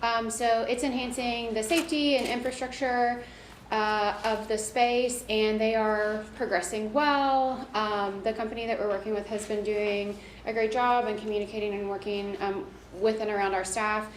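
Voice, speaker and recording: A woman's voice: on the high side, fairly even intonation, moderate pace. A woman presenting a transit performance report at a board meeting, walking through slides. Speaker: transit agency staff presenter. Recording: echoey room with background noise.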